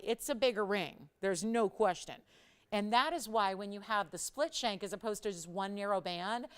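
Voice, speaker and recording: A woman hosting a live jewelry shopping show, chatting and telling stories as she pitches a ring, laughing often. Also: fairly bright tone, clean tone. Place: TV studio.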